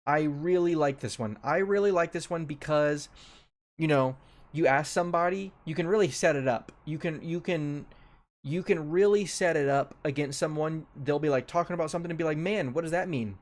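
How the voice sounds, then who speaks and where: Young male streamer, slightly high voice, casual repetitive commentary. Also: moderate pace. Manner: repeats his phrases, loose and offhand. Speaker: streamer ranking a tier list.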